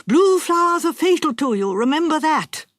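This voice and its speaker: Eerie fortune teller lady, slow chanting warnings, dry close sound, woman reader doing it. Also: sits high, animated, no echo, pitched above the performer's own voice. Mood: ominous. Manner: slow, intoning, ominous.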